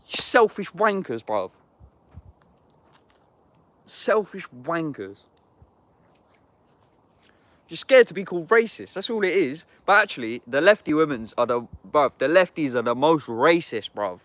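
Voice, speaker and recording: A man's voice: a little high, very animated, a little slow, long pauses, fairly bright tone, dry recording. A young man with an English accent, delivering an angry, profane monologue to camera. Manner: angry, profane, heavy use of slang address.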